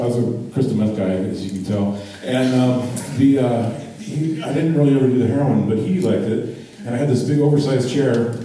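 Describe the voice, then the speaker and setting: A man doing a stand-up comedy set on stage, talking in a deadpan, rambling way with lots of fillers. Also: fairly low pitch, slight background noise. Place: theater stage. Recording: echoey theater, distant mic, crowd laughter. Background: audience laughter.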